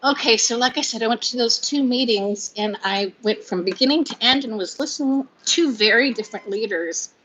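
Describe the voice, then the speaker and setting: Bright, high-voiced woman in her fifties. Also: fairly quick, hardly any pauses, slight background noise. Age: 50s. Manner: scattered, confiding, laughs through sadness. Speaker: vlogger hosting a livestream. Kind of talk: rambling emotional livestream chat. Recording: lo-fi livestream audio.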